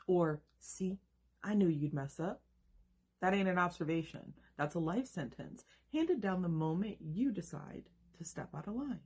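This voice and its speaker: A woman in her thirties giving an emphatic, rhetorical self-help monologue with dramatic pauses. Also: lowish voice, a little mellow, breathy edge. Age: 30s. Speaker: self-help video host. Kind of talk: scripted motivational monologue.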